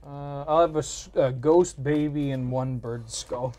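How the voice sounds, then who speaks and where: A man's voice: mid-range voice, unhurried, warm tone. A man playing a board game on a show, talking casually with dry humor. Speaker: player.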